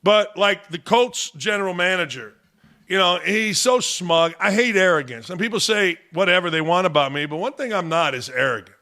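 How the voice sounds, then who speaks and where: A man's voice: high voice, expressive, normal speed, bright, forceful tone. A man hosting a sports talk show, giving blunt, combative opinions. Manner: blunt and combative, talks back to the audience.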